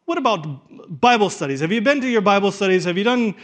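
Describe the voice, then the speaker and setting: A man's voice: sits high, expressive, brisk, pitched above the performer's own voice. A man voicing a fussy male angel at heaven's gate, with a put-on Scottish accent and an incredulous, questioning manner.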